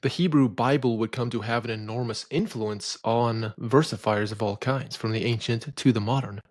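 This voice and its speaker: Male poetry lecturer, mid-pitched, opinionated and didactic, dry close recording. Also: moderate pace, darkish tone, no echo. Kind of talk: scripted educational narration.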